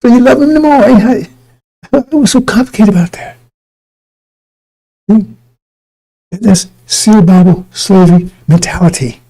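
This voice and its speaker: Gravelly, dark-toned preacher man. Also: high-pitched, unhurried, long pauses, low-quality recording. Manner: blunt and profane, mocking voices, laughing. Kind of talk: loose street sermon.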